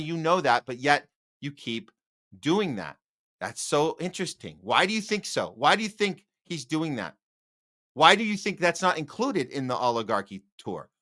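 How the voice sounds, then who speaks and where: A man's voice: on the high side, sharp tone. A man hosting a political podcast, reacting sarcastically and indignantly to the clips he plays. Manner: sarcastic, indignant, talking back to played clips. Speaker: podcast host. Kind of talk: political commentary.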